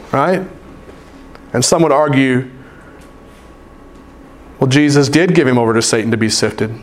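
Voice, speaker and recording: A man preaching a sermon in a church. He moves from earnest appeals to relaxed family stories told to the congregation. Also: medium pitch. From United States. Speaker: pastor. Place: church sanctuary.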